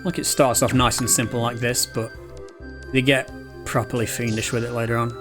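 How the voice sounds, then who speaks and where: A man's voice: mid-range voice, level tone, brisk. A man giving casual, chatty commentary while playing a video game, thinking aloud. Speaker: streamer. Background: game music.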